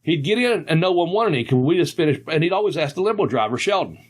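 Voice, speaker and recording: Older guy rambling thru road stories, chuckles a lot, voice a bit high. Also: big pitch swings, fast talker, husky. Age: 60s. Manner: rambling, chuckling, folksy, many restarts. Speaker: podcast host. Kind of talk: casual storytelling.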